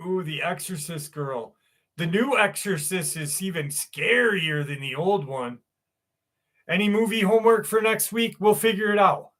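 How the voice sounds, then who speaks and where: Brief: middle-aged male host, slightly high pitch, slow delivery, crude and joking, swears freely. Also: lively intonation, a bit bright. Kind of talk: casual livestream chat and story reading.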